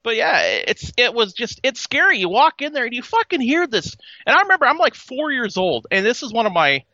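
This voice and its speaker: A man's voice: very high voice, very animated, a little fast, sharp tone, no room sound. A man in his forties co-hosting a podcast, telling stories in a laid-back, profane way. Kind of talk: casual storytelling chat. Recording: dull, dry, lo-fi mic.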